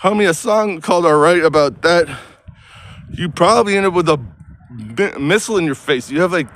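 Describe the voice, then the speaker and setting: A man's voice: on the high side, animated, fairly quick, a bit bright, slight background noise. A man on a street, rambling in a profane, stream-of-consciousness monologue that jumps from topic to topic. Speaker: vlogger. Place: outdoors on a street.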